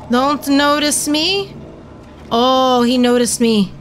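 A woman's voice: high-pitched, animated, a little slow, long pauses, a little hiss or hum. A young woman playing a horror game for her channel, panicking and narrating her moves as she goes. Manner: panicky, yelling reactions. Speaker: gaming channel host. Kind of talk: let's play commentary. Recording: game music behind voice. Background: game music.

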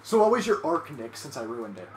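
Rambling self-mocking man, co-host, casual gaming chat, medium pitch, roomy sound, light background hiss. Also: big pitch swings, brisk, a little mellow. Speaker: let's play co-host.

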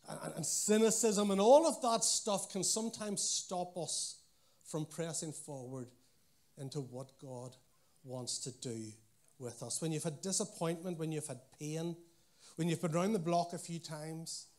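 A man's voice: on the high side, a little mellow. A man preaching a sermon, telling stories with animation and acting out what people said.

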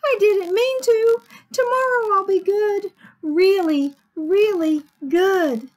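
A woman voicing an excitable young boy in a storybook reading, high and emphatic. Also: takes it slowly. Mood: pleading. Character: excitable young boy, eager, gets carried away.

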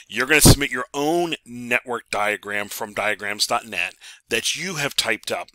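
A man's voice: mid-range voice, animated, unhurried, sharp tone, dry recording. A man teaching a networking class over a screen recording, talking casually with many ums and repeated words. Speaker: networking instructor.

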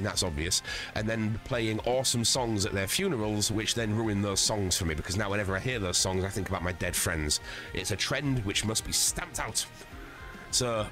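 A man streaming live from home, chatting casually with a profane, rambling manner and stuffed up with a cold. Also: on the low side. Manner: profane, rambling, chuckling at his own jokes. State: congested with a cold.

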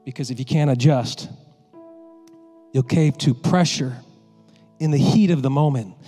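A male pastor preaching a sermon in an animated, joking way, talking straight to his congregation. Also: medium pitch, a little slow, slightly rough, soft background music.

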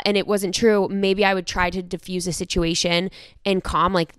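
Smooth-voiced young woman podcast co-host. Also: lowish voice, little pitch movement, normal speed, no room sound, clean studio sound. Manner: emphatic, acts out quoted reactions. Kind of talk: casual chat.

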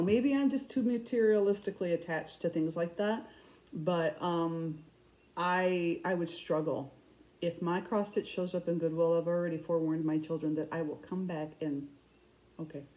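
A middle-aged woman with a Michigan accent, chatting fast and loosely to camera about her cross stitch projects, often restarting her sentences. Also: lowish voice, steady tone, darkish tone, low-quality recording. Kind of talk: casual chat to camera.

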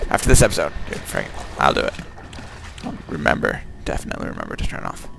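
A man's voice: very deep voice, wildly swooping pitch, quick pace, vocal fry, heavy background noise. A man doing let's play commentary, goofy and joking, talking back to the enemies on screen. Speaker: gameplay commentator.

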